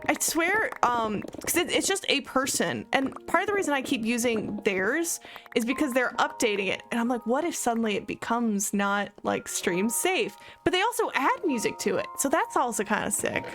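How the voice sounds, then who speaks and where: A woman's voice: on the high side, fairly bright tone. A young woman streamer chatting casually while gaming, rambling and laughing often with lots of fillers. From United States. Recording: music playing behind her.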